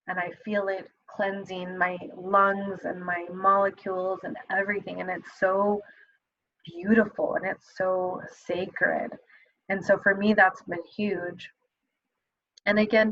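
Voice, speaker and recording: A young adult woman hosting a solo podcast in a casual, earnest and reflective way, often pausing with fillers and restarting her sentences. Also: medium pitch, fairly bright tone, no room sound. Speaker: podcast host. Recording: dull, slightly lo-fi dry recording.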